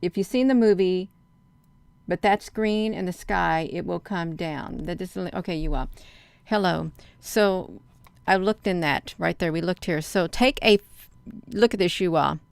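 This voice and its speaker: Speaking unhurriedly in a fairly low, gravelly but clear and resonant voice, a woman hosts a livestream on a dry recording. She's urgent and emphatic, replying to comments in real time and calling her viewers "you all".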